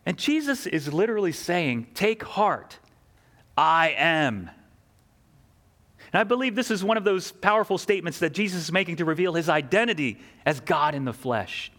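A man's voice: sits high, expressive, fast talker, few pauses, a bit bright. A man preaching a sermon, earnest and emphatic, asking rhetorical questions and repeating key phrases. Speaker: pastor.

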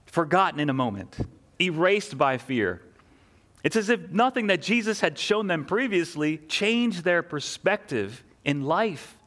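A man's voice: a little high, big pitch swings, unhurried, fairly bright tone. A man preaching a sermon, earnest and emphatic, asking rhetorical questions and repeating key phrases. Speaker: pastor.

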